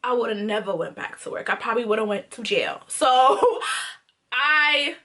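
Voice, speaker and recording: Young woman vlogger, high-pitched, bright and animated, swears freely, hammers points by repeating them. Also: measured pace. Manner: animated, profane, repeats lines for emphasis. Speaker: storytime YouTuber. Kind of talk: casual storytime vlog.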